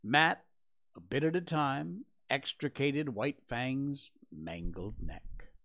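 A man hosting a show, reading a classic adventure novel aloud in slow, measured narration. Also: mid-range voice, vocal fry, sharp tone.

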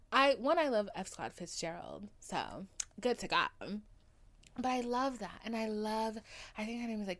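A young adult woman hosting a solo podcast, talking in an overdramatic, gushing way with free swearing and sudden loud outbursts. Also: mid-range voice. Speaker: podcast host.

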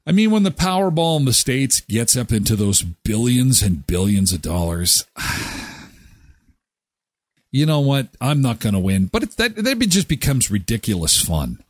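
A man in his thirties hosting a live daily show, chatting casually and joking with lively jumps in his voice. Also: mid-range voice, measured pace. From Canada. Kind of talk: casual solo commentary.

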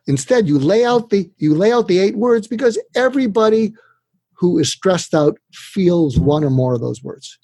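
Husky, animated male psychiatrist. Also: moderate pace, no room sound. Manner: acts out quoted voices with big pitch jumps. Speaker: psychiatrist guest. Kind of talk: animated storytelling in conversation.

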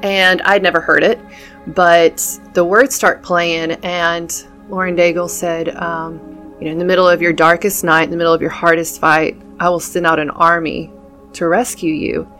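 A woman's voice: on the low side, little pitch movement, moderate pace, fairly bright tone, faint music behind. A woman, a podcast guest earnestly telling her story of faith and recovery.

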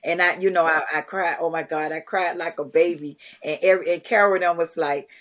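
Woman guest, middle-aged, lively storyteller who acts out each quote, casual interview chat. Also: on the low side, fairly quick. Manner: animated, acts out quotes, many restarts. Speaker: guest, charity founder. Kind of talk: conversational storytelling.

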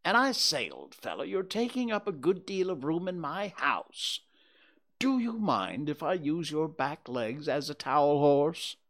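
A man's voice: on the high side, sing-song, measured pace, a bit bright, voice pushed up, exaggerated voice. A man voicing a fussy, bossy rabbit in a storybook reading, talking sternly. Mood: cheerful.

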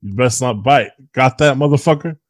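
A man's voice: medium pitch, normal speed, no room sound, studio quality, voice pushed up, lightly acted. A man voicing a huge, furious male Bigfoot who roars and curses. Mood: menacing. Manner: bellowing, cursing, roaring.

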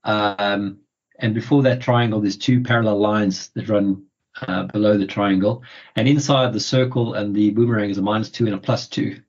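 A man's voice: fairly low pitch, fairly even intonation, normal speed, darkish tone. A man hosting a podcast interview, talking casually and hesitantly with many ums and restarts. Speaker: podcast host. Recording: muffled lo-fi audio.

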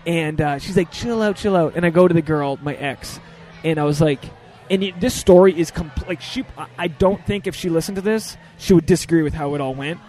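Young guy comic rambling thru a story, cursing a lot, does the voices, kinda high pitched. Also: a little fast. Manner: animated, profane, acts out quotes. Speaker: podcast host and stand-up comedian. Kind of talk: casual storytelling chat.

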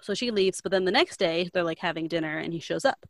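A young woman with a slightly low voice tells a story in a loose, rambling way, filling every gap with "like" and tossing in slangy asides. The sound is dry and close, with no room around it. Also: quick pace, dry recording. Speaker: podcast co-host recapping a book. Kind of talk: casual storytelling chat.

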